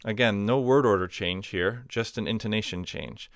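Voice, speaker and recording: A man calmly teaching a recorded grammar lesson, explaining step by step with example phrases and a few ums and uhs. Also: fairly low pitch, moderate pace, no room sound, studio quality. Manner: patient explaining with spoken examples, fillers like um and uh. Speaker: language teacher.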